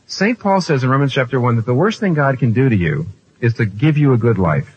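A man preaching a sermon in an animated way, often repeating phrases and restarting sentences. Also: medium pitch, fairly quick, slightly rough, highs cut off. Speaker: pastor.

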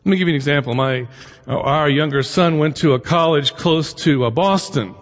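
A middle-aged man gives a chatty lecture, weaving anecdotes into his points and tossing rhetorical questions at his listeners. His voice sits slightly high for a man. A long hall reverb trails behind every phrase. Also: brisk, soft background music. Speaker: lecturer on the Bible and immigration.

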